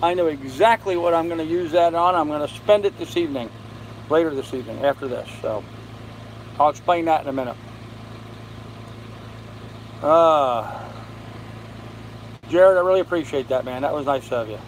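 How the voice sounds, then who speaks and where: An older man hosting a casual live stream from his boat, tired and unhurried, greeting viewers by name as he reads their comments. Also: on the high side, poor audio. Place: on a sailboat with air conditioning and fan running. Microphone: phone. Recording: faint fan and air-conditioner hum behind.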